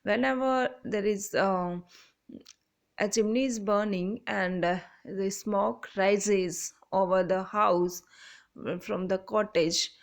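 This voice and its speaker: A woman lecturer, slowly explaining a literary text, often repeating and rephrasing. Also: mid-range voice, fairly even intonation, vocal fry. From India. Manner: slow, repeats and rephrases, reads passages aloud. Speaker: English lecturer.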